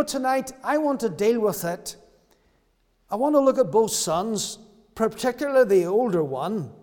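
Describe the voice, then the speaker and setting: Male preacher, high pitch, earnest and repetitive, recorded with long hall reverb. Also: a little mellow. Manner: earnest, repeats key phrases for emphasis. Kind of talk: sermon.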